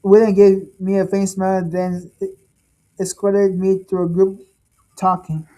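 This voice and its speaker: Mellow woman reading a story haltingly. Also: mid-range voice, level tone, low-quality recording. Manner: halting, with frequent restarts and repeats. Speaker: story reader. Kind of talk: first-person story read aloud.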